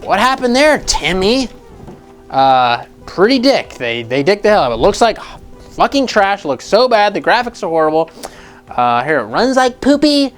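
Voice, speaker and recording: Animated, foul-mouthed gaming news host, man. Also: high voice, normal speed, faint music behind. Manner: profane, animated, laughing, rambling. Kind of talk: casual gaming news commentary.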